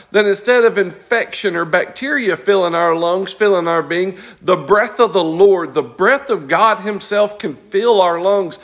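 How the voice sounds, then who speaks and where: A man with a fairly high voice preaches a morning sermon as pastor. He talks earnestly and conversationally, sometimes tripping over a word and starting it again. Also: a bit bright. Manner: earnest, conversational, self-correcting.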